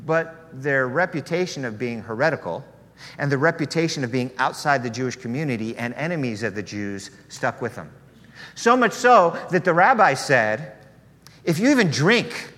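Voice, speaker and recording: A male preacher telling a story from the pulpit in a casual, conversational way, his slightly high voice rising and falling with lively swings. A long hall reverb trails every phrase. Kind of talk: sermon.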